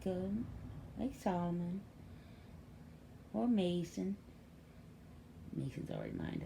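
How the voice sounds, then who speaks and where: Older woman, grandmother type, gravelly and mellow, chatty storyteller. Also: lowish voice, slight background noise. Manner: chatty, acts out quoted voices. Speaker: grandmother and caregiver. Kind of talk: casual storytelling vlog.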